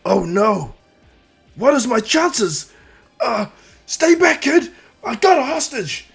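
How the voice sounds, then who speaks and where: Guy doing a whiny slime monster baddie, high and yelling, bit raspy. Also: very animated, slow, soft background music, exaggerated voice. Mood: panicky. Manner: loud, pleading, high strained voice. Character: panicky male sludge monster villain holding a hostage.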